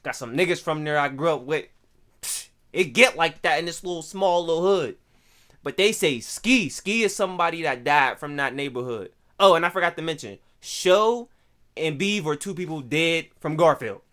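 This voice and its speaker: A young Pittsburgh man with a local accent casually explains things to his stream viewers in loose street slang, often checking in with "right?". His voice sits on the high side, a bit bright, at a normal speed.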